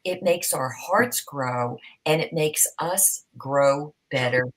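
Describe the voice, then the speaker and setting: Emotional middle-aged woman, low voice. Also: slow, rough recording. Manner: heartfelt, emotional, slips into a soft whisper. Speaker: panel guest. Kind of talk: personal storytelling on a podcast panel.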